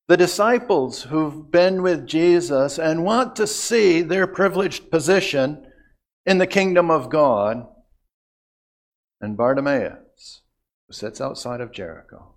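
A man preaching an expository sermon with measured pauses, dropping to a hush and then rising to emphatic declarations. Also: on the high side. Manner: dramatic swings from hushed to emphatic; measured delivery with long pauses.

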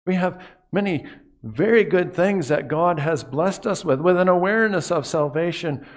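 A man preaching a sermon as a pastor, earnest, often dropping to a hushed voice on key phrases and repeating words as he goes. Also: high-pitched, normal speed.

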